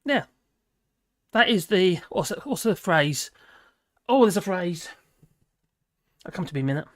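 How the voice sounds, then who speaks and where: A woman's voice: fairly low pitch, animated, measured pace. An older woman, hosting a live stream and chatting casually with viewers in a rambling, jokey, cheeky way.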